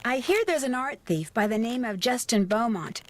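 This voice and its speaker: An actress playing a poised young woman detective with a crisp, inquisitive way of asking questions. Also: fairly high pitch, expressive, normal speed, slight background noise, close to an everyday voice. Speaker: game character. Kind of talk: game voice acting.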